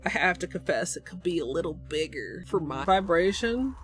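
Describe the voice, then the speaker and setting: A woman's voice: lowish voice, expressive, normal speed. A young adult woman chatting casually on a livestream, joking crudely and exclaiming often. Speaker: nail art streamer.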